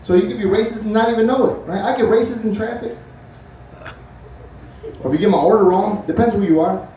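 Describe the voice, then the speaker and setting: With a high, mellow voice and a brisk delivery, a man in his forties does loose, profane stand-up on a comedy club stage, talking with the crowd between bits. The sound is echoey and far off, carrying slight background noise and audience laughter.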